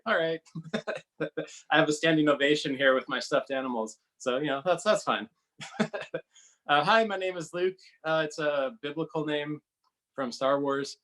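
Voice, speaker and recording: A man from Southern California does self-deprecating stand-up from his home over a video call. He keeps it loose and casual and chuckles at his own lines, and his voice sits a little above the usual pitch. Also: normal speed, fairly bright tone. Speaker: stand-up comedian.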